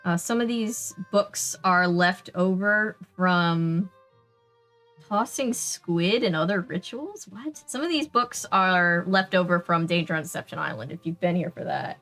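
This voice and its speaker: A woman's voice: on the low side, a little slow, a bit bright, faint music behind. A woman with a Southern US accent, chatting casually and laughing often while streaming a video game. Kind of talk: casual gameplay chat.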